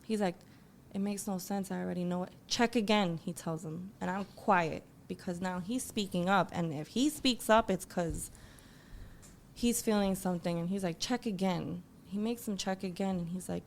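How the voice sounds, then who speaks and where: A woman guest telling an emotional personal story, acting out what people said with lively quoted voices. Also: moderate pace, gravelly, a little hiss or hum. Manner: animated, acts out quotes in a higher voice.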